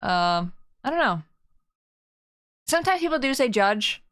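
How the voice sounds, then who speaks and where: A woman's voice: high-pitched, very animated, normal speed, fairly bright tone, dry recording, studio quality. A young woman streaming a game, chatting casually and laughing as she talks to her viewers. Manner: chatty, laughing, swearing, talking to chat.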